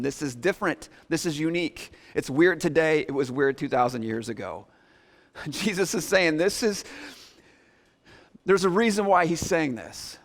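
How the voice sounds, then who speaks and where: Animated high-voiced male pastor preaching. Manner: animated, acts out listeners' reactions in quick asides. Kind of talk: sermon.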